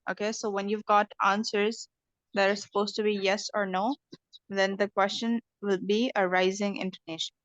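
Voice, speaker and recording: A woman's voice: mid-range voice, little pitch movement, moderate pace, no echo. Patient woman teaching online. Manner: patient, explains step by step, checks with "okay?". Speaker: English teacher. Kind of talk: online class. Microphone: online call. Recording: slightly lo-fi call audio.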